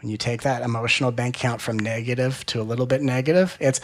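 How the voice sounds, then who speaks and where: A man giving a spiritual talk as a teacher, playful and teasing, swinging between loud, excited questions and soft, slow reflection. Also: medium pitch, slight background noise.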